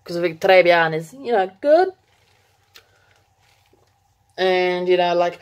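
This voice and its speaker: A woman talks casually to her viewers in a slightly low voice. She rambles with fillers and corrects herself. She laughs at her own slips. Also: expressive, slow, pauses often, clean tone. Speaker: vlogger. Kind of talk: casual chat to camera.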